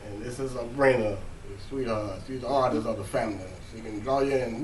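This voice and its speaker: A man's voice: mid-range voice, fairly even intonation, a little fast, a crowd in the background. A grandfather introducing his daughters and grandson, chuckling between names. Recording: echoey, from far off.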